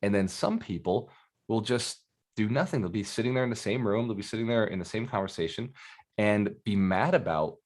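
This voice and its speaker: A man's voice: lowish voice, brisk, darkish tone. A man who mentors in real estate gives a live coaching talk, speaking directly and energetically and asking his audience questions.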